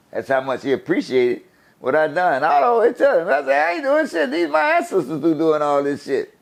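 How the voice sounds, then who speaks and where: An older man from the USA telling stories in a casual interview, animated and profane, laughing as he talks. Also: on the high side, creaky. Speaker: guest storyteller.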